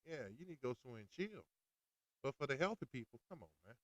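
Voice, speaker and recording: A man's voice: medium pitch, fast, no echo, highs cut off. Exasperated man ranting on a podcast. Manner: animated, exasperated, keeps saying "man". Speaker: podcast host. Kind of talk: casual ranting monologue. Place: outdoors.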